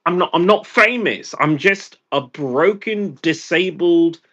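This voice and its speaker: A man's voice: fairly high pitch, lively intonation, measured pace, a bit bright, muffled recording. Exhausted man ranting with profanity. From United States. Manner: angry, profane rant. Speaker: vlogger. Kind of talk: venting monologue.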